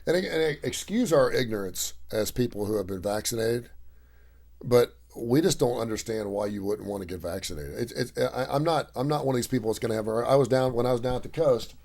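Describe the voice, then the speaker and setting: A middle-aged man co-hosting a radio talk show, telling a story with lively voiced-out quotes. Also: mid-range voice. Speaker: radio co-host.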